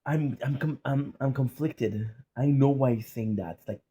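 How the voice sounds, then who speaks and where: A man's voice: mid-range voice, moderate pace, dark tone, husky. A man hosting a reaction video, giving casual, candid, profane commentary with lots of restarts and fillers.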